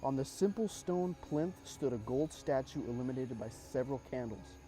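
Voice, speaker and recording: Mellow-voiced man narrating a spooky story. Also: medium pitch, lively intonation, faint music behind. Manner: measured, suspenseful, with casual asides.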